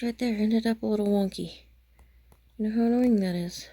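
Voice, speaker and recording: This craft vlogger has a mid-range, dark voice and speaks at a normal speed. Tired and chatty, she rambles to the camera late at night about her stitching, cutting herself off and struggling to find words.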